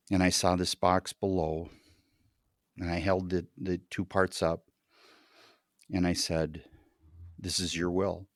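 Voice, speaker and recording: Slow, earnest low-voiced man. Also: dry recording, clean studio sound. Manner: earnest, halting, repeats words and restarts. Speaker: podcast guest. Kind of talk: personal storytelling in an interview.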